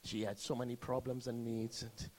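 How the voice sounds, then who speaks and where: A man's voice: mid-range voice, flat delivery, normal speed, darkish tone. A British man, a pastor, preaching a sermon as vivid first-person storytelling. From Britain. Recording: long hall reverb.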